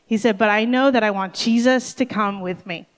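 A woman's voice: mid-range voice, moderate pace. A woman who directs a summer camp, telling a heartfelt story with emotion at a church service. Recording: long hall reverb.

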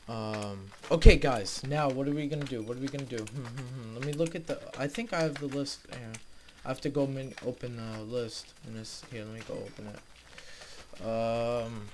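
Young male gamer host, casual chatty play-by-play that turns exasperated, average pitch, faint hiss on the recording. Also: steady tone, moderate pace, a little mellow. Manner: chatty, easily frustrated, talks to viewers. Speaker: gaming video host. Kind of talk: casual let's play commentary.

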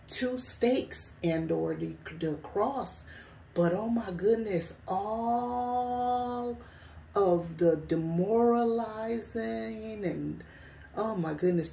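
A woman gives an informal sermon at an unhurried pace, her voice gravelly with fry. She talks conversationally and keeps circling back on her words. The recording is roomy and echoey, picked up from some distance. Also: medium pitch, darkish tone, slight background noise. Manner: conversational, repeats words, frequent "you know". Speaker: preacher. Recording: roomy echo, voice from far off.

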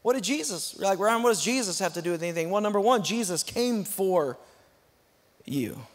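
A man preaches in a church auditorium. His voice sits very high and swoops animatedly up and down, with emphatic refrains and sudden loud bursts. The sound carries the long reverb of a large hall. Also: animated, moderate pace. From Texas. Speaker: guest pastor. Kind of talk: sermon.

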